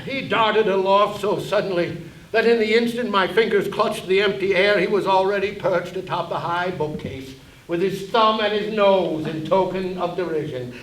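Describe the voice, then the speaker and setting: A man's voice: high-pitched, moderate pace. A man on stage telling a story in a wry, dramatic way as the narrator of a one-man play, recorded from afar in a roomy hall. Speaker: actor narrating as the author. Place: theater stage before an audience. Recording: roomy hall, distant mic, faint hiss.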